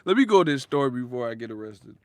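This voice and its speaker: A man's voice: medium pitch, sing-song, quick pace, clear, resonant tone, no room sound. A young man ranting in slang for a casual boxing vlog, swearing and laughing as he talks. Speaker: boxing commentary vlogger. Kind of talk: casual rant.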